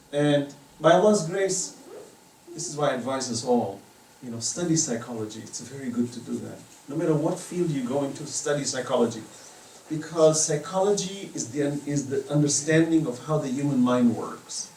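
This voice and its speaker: In a private house, an Islamic lecturer with a medium-pitched, animated voice preaches passionately at normal speed, mixing tales with moral instruction and varying his loudness a great deal. The mic sits far off in a reverberant room, picking up faint noise.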